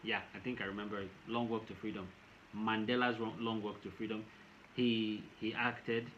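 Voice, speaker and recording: A man's voice: on the low side, little pitch movement, moderate pace, a bit bright. Man, Nigerian accent, casual rambling commentary, dull lo-fi recording, faint noise behind. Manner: rambling, repeats and restarts phrases. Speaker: vlogger.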